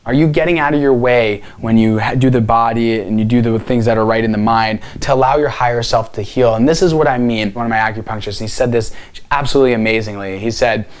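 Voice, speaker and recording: An earnest man coaching viewers on healing in a motivational talk to camera. He speaks directly and presses his points with rhetorical questions. His voice sits at an ordinary middle pitch for a man. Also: quick pace.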